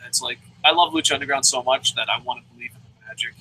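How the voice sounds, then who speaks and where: A male wrestling review host chatting casually, animated, swearing and talking in bursts. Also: mid-range voice, fast talker, slight background noise, rough recording. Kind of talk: casual chat.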